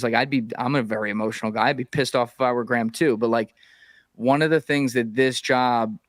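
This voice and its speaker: A man in a loose podcast chat, mid-pitched and plain-spoken, who swears freely and gets worked up as he argues. He sits close to the mic, and the sound is dry with no room echo. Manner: blunt, profane, animated opinions. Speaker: podcast guest. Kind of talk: casual podcast conversation.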